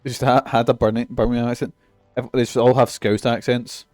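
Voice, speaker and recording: A Scottish man commentates casually over a video game, swearing freely and joking as he rambles. His voice is mid-pitched and sits dry and close to the mic, with faint game music underneath. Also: level tone, fast talker, darkish tone, no room sound. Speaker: game streamer.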